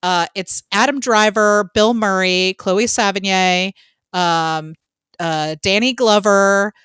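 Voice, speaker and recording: A bubbly woman co-hosting a movie podcast, chatting casually at a mid-range pitch. She gets excitable and swears freely. The sound is dry and close, with no room echo. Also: takes it slowly, clear, resonant tone. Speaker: podcast co-host. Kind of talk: casual chat.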